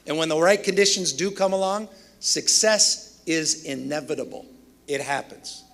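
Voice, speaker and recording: A man's voice: fairly high pitch, normal speed, creaky, fairly bright tone. A man delivering a commencement speech, telling emphatic stories with self-deprecating humor. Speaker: commencement speaker.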